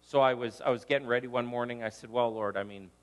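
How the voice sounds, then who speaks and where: A middle-aged man, a pastor, preaching a conversational sermon and acting out little scenes in livelier voices. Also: fast talker. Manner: conversational, animated, acts out quotes in higher voices.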